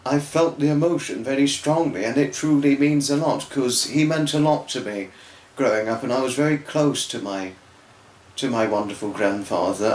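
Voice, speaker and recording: A man's voice: medium pitch, roomy sound, a little hiss or hum, low-quality recording. A young man talking earnestly and tearfully in a rambling personal vlog, with many restarts. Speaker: fan vlogger.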